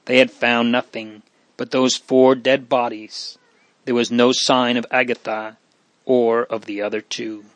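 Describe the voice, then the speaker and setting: A man reading a story aloud in a measured way, softening on sad passages. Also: mid-range voice, level tone, dry recording, poor audio. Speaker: narrator. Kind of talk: audiobook narration.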